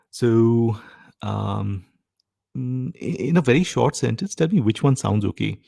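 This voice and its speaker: A male test-prep instructor runs a live online lesson with a gravelly, mellow voice. He keeps pausing to ask if everyone is following. The sound is close and dry, with no room echo. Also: mid-range voice. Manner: frequent comprehension checks, asks "right?" often.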